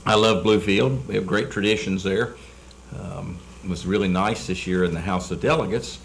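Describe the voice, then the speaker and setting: A man's voice: low voice, moderate pace, gravelly, slight background noise. A man chatting easily as a dinner guest, rambling a little with repeated words and fillers. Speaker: dinner guest, state delegate. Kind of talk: casual chat over dinner.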